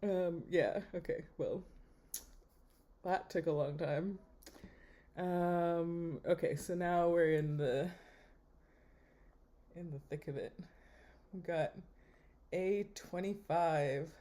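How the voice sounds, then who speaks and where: Wry, slow-talking young woman. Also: on the low side. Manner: wry, deadpan running commentary. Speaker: vlogger. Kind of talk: casual chat while swiping a dating app.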